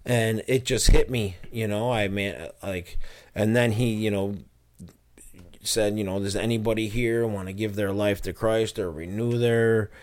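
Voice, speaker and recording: A man with a fairly low voice tells his personal story as an interview guest. He talks earnestly, circling back with fillers and restarts as he recalls events. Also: fairly even intonation, unhurried, darkish tone. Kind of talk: personal testimony.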